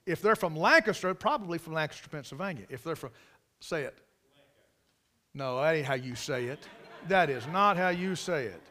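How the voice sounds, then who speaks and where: A man's voice: on the high side, expressive, moderate pace, fairly bright tone. A man with a Carolina Southern accent preaching a folksy sermon to a church congregation, telling stories with emphatic asides. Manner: drawling, storytelling, emphatic asides. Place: church service.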